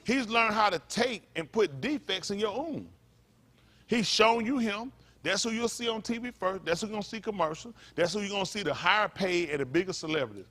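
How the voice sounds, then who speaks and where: A pastor, preaching a sermon in a repetitive, emphatic manner that rises to loud peaks. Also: male voice, high-pitched, animated, fairly quick.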